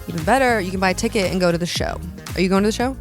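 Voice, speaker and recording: Speaking over music at a racing clip, this medium-pitched woman is a guest being interviewed, a pro wrestler and dentist in her thirties. Her casual answers come as cheerful, chatty stories full of restarts.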